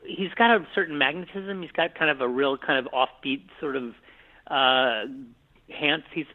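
Over a tinny phone line, a male film director with a fairly high pitch discusses his work at normal speed. The interview is conversational, and he rambles casually, full of fillers and restarts.

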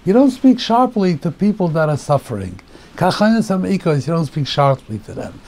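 A rabbi giving a Torah class on the weekly portion, explaining the text step by step, asking rhetorical questions and mixing in Hebrew terms. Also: male voice, high-pitched, sing-song, normal speed, a little mellow, slight background noise.

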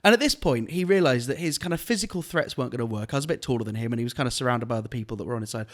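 A man, a comedian, telling a story on a podcast in an animated way and laughing often. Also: medium pitch, racing. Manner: animated, laughing while retelling an anecdote. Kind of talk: casual storytelling chat.

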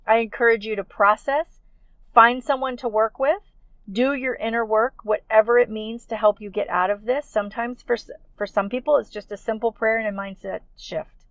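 A woman hosting a faith-based podcast for educators, speaking in a gentle, earnest, pastoral way. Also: on the high side, steady tone, moderate pace, no room sound, muffled recording. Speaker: podcast host.

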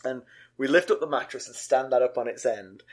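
A middle-aged man co-hosting a podcast, telling a funny story with lots of laughter and sudden high yelps. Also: brisk. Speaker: podcast co-host. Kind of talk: casual chat and animated storytelling.

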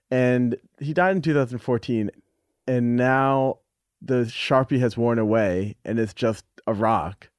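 A middle-aged man, a podcast guest, talking candidly and thoughtfully, with halting restarts and the odd swear word. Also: medium pitch, no echo, studio quality. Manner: reflective, halting, with frequent restarts and casual swearing. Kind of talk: candid conversational storytelling.

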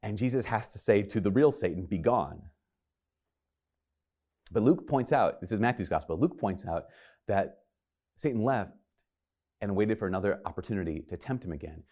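A man's voice: fairly low pitch, lively intonation, normal speed, long pauses, mellow. Earnest conversational male preacher. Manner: earnest, conversational, retells scripture in quoted voices. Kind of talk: sermon.

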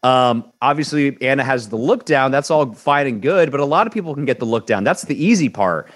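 Talking a little fast with lively intonation and a medium-pitched voice, this Cuban-descended entertainment news co-host delivers a blunt, forceful take, often repeating words to drive his point home.

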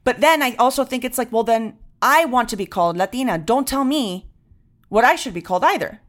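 A young woman from Venezuela co-hosting a podcast, talking with passion and speed and slipping in Spanish words. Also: on the high side. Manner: impassioned, rapid and animated, mixing in Spanish words. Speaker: podcast co-host. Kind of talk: casual chat.

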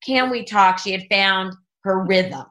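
A woman hosting a casual interview podcast, chatty, with quick asides and frequent laughter. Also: medium pitch, fairly bright tone. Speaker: podcast host.

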